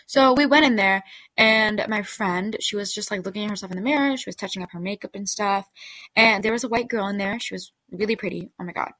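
A woman's voice: mid-range voice, fast talker, a bit bright, dry recording, poor audio. A woman hosting her own podcast, telling a personal story in a casual, chatty way, full of "like" and "okay?". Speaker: podcast host.

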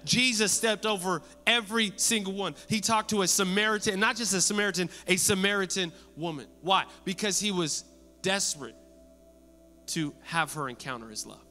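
A man preaching a sermon as pastor, lively and conversational, acting out the people he quotes. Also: high voice, big-room sound.

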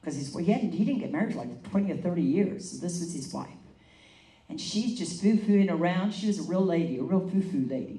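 Woman, evangelist, animated sermon storytelling, roomy echo, distant mic. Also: fairly low pitch, fairly quick. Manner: animated, laughing storyteller acting out quotes. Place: meeting hall. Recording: echoey room, mic at a distance.

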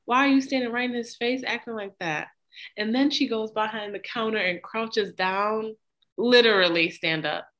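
A young woman with a higher voice co-hosts a podcast, recapping a movie in casual chat at a moderate pace. Her storytelling is blunt, profane and animated, and the audio quality is poor.

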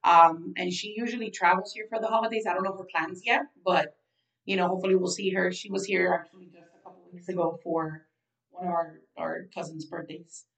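A young woman from Florida co-hosts a casual chat, talking freely and repeating herself as she goes. Her voice sits a touch low. She sounds slightly off-mic. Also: fairly even intonation, fairly quick, vocal fry, a bit bright, recorded from a distance, rough recording. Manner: chatty, laughs easily, repeats phrases. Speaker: podcast co-host.

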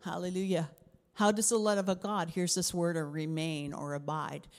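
Middle-aged Canadian woman pastor, lower voice, expressive sermon delivery with dips into whispers, echoing hall. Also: moderate pace. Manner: expressive, drops to whispers for emphasis.

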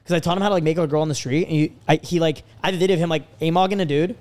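A man hosting a podcast, telling stories in a brash, profane, animated way. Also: on the high side, rapid-fire. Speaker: podcast host and dating coach. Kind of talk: casual podcast chat.

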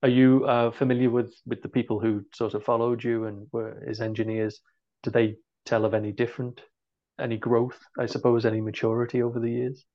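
A man interviewing a guest, asking halting, hesitant questions. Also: medium pitch, little pitch movement. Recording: dull lo-fi audio.

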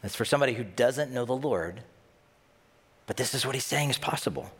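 Animated preacher in a reverberant hall. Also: male voice, fairly quick, slightly rough. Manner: animated, swings between loud emphasis and hushed low asides. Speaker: pastor. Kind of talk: sermon. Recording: long reverb of a large hall.

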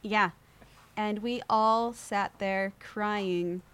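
A woman guest on an interview show, telling a story in a lively way, acting out other people's voices and laughing often. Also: mid-range voice, very slow, smooth. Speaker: podcast guest.

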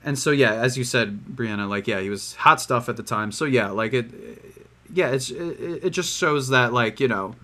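A man's voice: medium pitch, pushed and bright. A man co-hosting a podcast, chatting casually about a movie with many fillers and restarts. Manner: rambling, many fillers and restarts, quick quoted voices. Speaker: podcast co-host.

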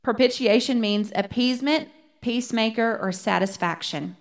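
A woman teaching a Bible study, rereading verses slowly and earnestly. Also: a little high, creaky.

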